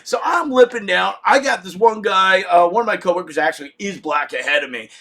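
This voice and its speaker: A middle-aged man telling a comedic story with lots of swearing, shouting out his punchlines. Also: high voice, animated, fairly quick.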